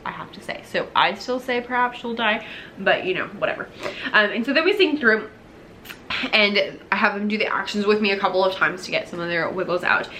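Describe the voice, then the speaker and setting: A young woman who teaches elementary music talks casually through her lessons, acting out classroom exchanges, dropping into whispers and singing snippets. Her medium-pitched voice is bright and forceful with lively intonation and a fairly quick pace, over a little hiss or hum.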